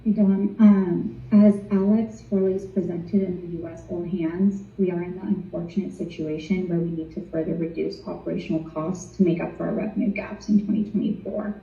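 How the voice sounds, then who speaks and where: A woman reading a prepared layoff statement in a measured, scripted way on a call. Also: on the low side, steady tone, vocal fry, warm tone, echoey room, recorded from a distance, lo-fi sound, a little hiss or hum.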